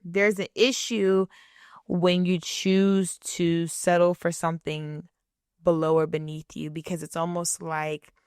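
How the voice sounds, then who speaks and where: A woman's voice: fairly low pitch, flat delivery, measured pace, a little mellow, clean tone, no echo, clean studio sound. A woman hosting her own podcast, talking through a personal story in a chatty, casual way and often checking in with "right?". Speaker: podcast host. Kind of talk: casual solo podcast monologue.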